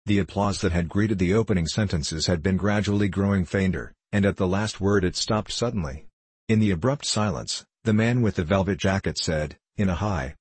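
Deep husky man, measured audiobook narrator, dry close recording. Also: no echo. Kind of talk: scripted narration.

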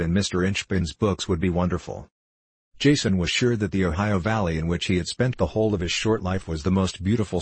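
Deep, husky male audiobook narrator. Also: no room sound.

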